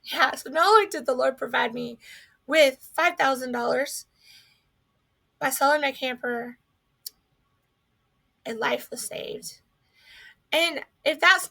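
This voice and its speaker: A woman's voice: sits high, vocal fry, pushed and bright. A young woman from North Carolina sharing a personal faith testimony, telling her story earnestly and acting out what she thought.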